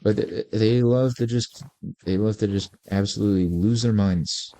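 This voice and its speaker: A man's voice: fairly low pitch, moderate pace, warm tone. A man in his forties giving casual, rambling gameplay commentary with laid-back, self-mocking asides. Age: 40s. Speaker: gaming video creator.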